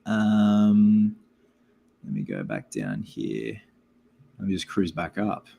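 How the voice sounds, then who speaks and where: A man's voice: sits low, big pitch swings, takes it slowly, vocal fry, warm tone, muffled recording, a little hiss or hum. An Australian man hosting a live stream, chatting loosely with viewers and reading out their comments, full of "like" and "man". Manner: filler-heavy, keeps saying like and man. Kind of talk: casual live stream chat.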